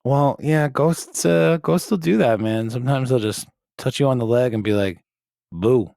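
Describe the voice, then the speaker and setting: Laid-back joking podcast co-host, dry sound. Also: male voice, mid-range voice, moderate pace, vocal fry, darkish tone, no echo. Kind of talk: casual chat.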